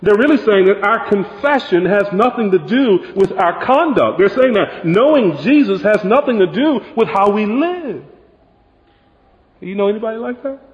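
A man delivers a sermon at a moderate pace in a high, highly animated voice that swings between hushed lows and forceful peaks. The recording is dull and lo-fi, with a long reverb ringing through a large hall.

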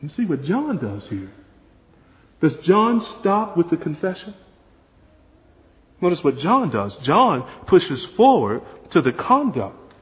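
A man preaching a sermon emphatically, building to forceful peaks and dropping to soft asides. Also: a little high, wildly swooping pitch, slow, pauses often. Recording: dull, roomy hall sound.

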